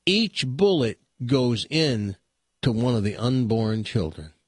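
A man's voice: medium pitch, slow, husky, dry recording, studio quality. A man hosting a radio show, chatting casually and telling a long joke with dramatic pacing. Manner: animated, dramatic storyteller.

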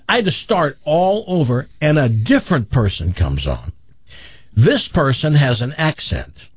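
Man, husky, exasperated caller with a lively voice, dull dry sound. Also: medium pitch, measured pace, dry recording. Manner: exasperated, animated retelling with quoted voices. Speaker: caller telling a story. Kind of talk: casual storytelling on a talk show.

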